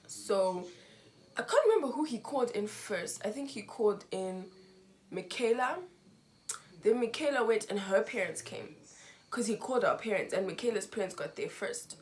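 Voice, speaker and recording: A woman from Zimbabwe telling a personal story in a casual storytime vlog, acting out what people said with big jumps in pitch. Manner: animated, lots of "like", acts out quotes with big pitch jumps. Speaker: vlogger.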